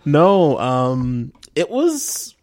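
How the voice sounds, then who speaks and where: A man's voice: fairly high pitch, sing-song, extremely slow, a little mellow. A young man co-hosting a casual podcast chat, laughing often, with loose fillers and swearing. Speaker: podcast co-host.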